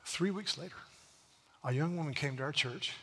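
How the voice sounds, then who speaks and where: A middle-aged male pastor with a bright, forceful, fairly high voice preaches an earnest sermon. He slows down on key lines and doubles his words as he goes. Long reverb from the church hall trails after each phrase. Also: breathy edge. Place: church sanctuary.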